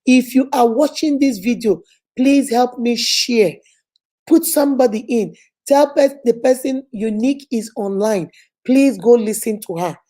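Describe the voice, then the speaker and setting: A woman's voice: fairly high pitch, measured pace, dark tone. A woman, a life coach giving an emphatic, repetitive motivational lesson straight to her viewers. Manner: emphatic, repetitive, preachy, direct address. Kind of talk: motivational teaching to camera.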